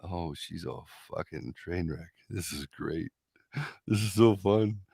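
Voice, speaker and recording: A man's voice: low-pitched, slow pace, creaky, warm tone, slightly rough, no room sound, clean studio sound. A man hosting a live stream, reacting to results with profane, incredulous, theatrical commentary. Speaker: streamer host.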